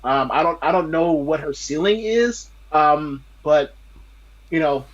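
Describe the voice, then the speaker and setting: A man's voice: fairly high pitch, unhurried, lo-fi sound. A man chatting as a podcast guest, hesitant and full of restarts. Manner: hesitant, many restarts and fillers. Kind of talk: casual chat.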